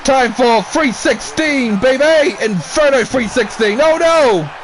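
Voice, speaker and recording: A man casually giving play-by-play commentary on a wrestling video game, excitable, swearing and cheering on the wrestlers, while fighting off the hiccups. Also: very high-pitched, slow pace, slight background noise. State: has the hiccups. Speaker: gameplay commentator.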